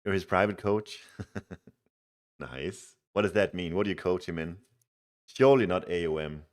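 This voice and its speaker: Low-voiced man streaming a strategy game. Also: lively intonation, moderate pace. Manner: chatty, reads chat aloud, laughs easily. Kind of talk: casual live game commentary.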